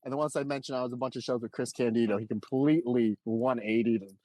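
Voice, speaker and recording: A man's voice: medium pitch, fast, no room sound. A man from Pennsylvania co-hosting a podcast, telling a long story in casual chat and acting out the quotes. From Pennsylvania, USA. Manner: animated anecdote-telling with acted-out quotes. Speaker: podcast co-host.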